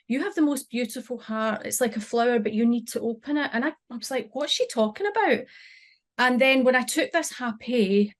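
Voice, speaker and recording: A middle-aged woman, a podcast guest, recounting a personal experience in an emotional, halting way with many restarts. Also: a little high. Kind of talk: personal storytelling.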